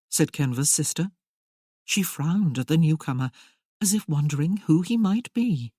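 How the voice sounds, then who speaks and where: A woman reading a period romance aloud as narrator, in an unhurried, expressive storytelling manner. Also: deep voice, no echo, studio quality. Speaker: audiobook narrator. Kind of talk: scripted narration.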